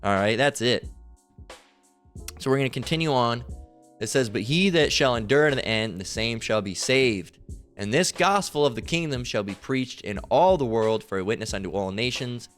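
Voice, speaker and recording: A man's voice: mid-range voice, expressive, moderate pace, a bit bright, clean tone. Male online Bible teacher; casual, profane, heated street-style delivery; faint background music. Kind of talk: informal scripture commentary.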